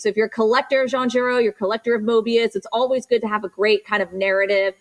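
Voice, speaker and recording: Female auctioneer, slightly higher voice, rapid bid-calling patter between lot descriptions. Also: fairly even intonation. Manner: rapid repetitive bid calls mixed with slower item descriptions. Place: auction studio for a livestream.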